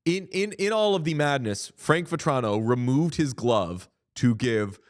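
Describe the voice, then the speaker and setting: Guy cohosting a sports podcast, smooth clear voice, mid pitch, tells stories and does the quotes. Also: unhurried. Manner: animated storyteller, acts out quotes. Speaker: podcast co-host. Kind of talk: casual sports chat.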